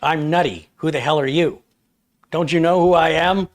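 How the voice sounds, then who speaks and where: A man's voice: on the high side, fairly even intonation, normal speed, voice pushed up, close to an everyday voice. A man voicing an indignant, hot-tempered male pet squirrel who is outraged at not being recognized. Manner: huffy, outraged shouting.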